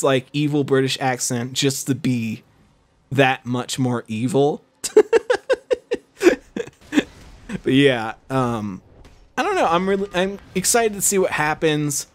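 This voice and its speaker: A man hosting a let's play, rambling through casual gameplay commentary with self-deprecating jokes. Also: mid-range voice.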